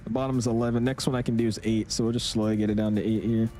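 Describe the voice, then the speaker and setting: Excitable young man streaming a flight sim. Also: fairly low pitch, racing, faint music behind. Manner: excitable, rambling, slangy with lots of "dude" and "like". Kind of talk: casual livestream chat.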